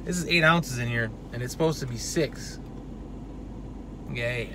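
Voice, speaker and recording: A man's voice: mid-range voice, measured pace, background noise. A man giving a casual, profane product review in a brash, loose way. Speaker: supplement reviewer.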